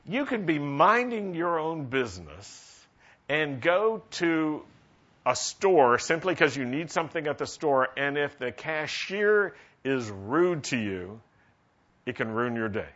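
Man, pastor, preaching, questions to the congregation, bright voice, dull lo-fi recording. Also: a little high, very animated, slow pace. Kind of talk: sermon.

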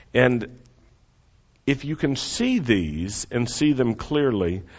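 Lively-voiced male preacher, lo-fi sound. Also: mid-range voice. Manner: expressive preaching, has the congregation repeat lines. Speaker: pastor. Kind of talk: sermon.

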